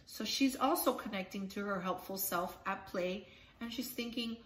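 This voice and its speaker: A woman's voice: medium pitch, moderate pace, bright, forceful tone. A woman presenting a children's book, explaining each picture and checking in with a frequent "right?". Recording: echoey room.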